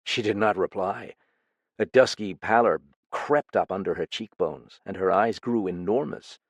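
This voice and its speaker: A man narrating an audiobook and voicing a detective in an expressive, lively reading. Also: lowish voice, unhurried, husky, dry recording. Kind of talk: scripted narration.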